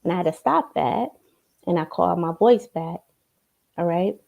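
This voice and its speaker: A woman delivers a motivational talk straight to her computer camera. Her voice sits low and warm. She talks with emphasis and keeps checking in with quick tag questions. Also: creaky. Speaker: life coach.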